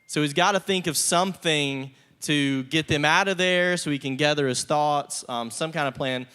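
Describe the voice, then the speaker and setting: A man preaching a sermon in a relaxed, conversational way, laughing now and then and acting out what people might say. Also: fairly high pitch, moderate pace, few pauses, clean tone. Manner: casual and conversational, with laughs and acted-out asides. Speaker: pastor. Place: church sanctuary. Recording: long reverb of a church hall.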